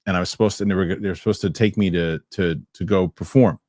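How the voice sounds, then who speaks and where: A middle-aged male host with a somewhat low voice chats and tells stories in an animated, excitable way. He's recorded on a close, dry mic with no room sound. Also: quick pace, dry recording. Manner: animated storytelling, excitable rants. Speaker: show host. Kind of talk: casual chat.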